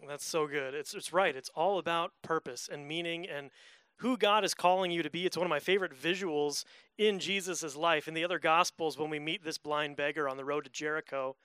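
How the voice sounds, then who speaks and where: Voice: medium pitch, a little fast, a bit bright, clear, resonant tone, no echo. A person joining a church talk, answering with enthusiastic agreement in a casual way. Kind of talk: casual chat.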